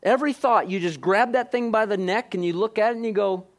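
A man preaching a sermon, questioning his listeners directly and moving between hushed and emphatic delivery. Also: sits high, brisk, few pauses. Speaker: pastor.

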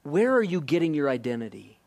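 A man preaching a sermon, questioning his listeners directly and moving between hushed and emphatic delivery. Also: a little high, very animated, fairly quick. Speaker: pastor.

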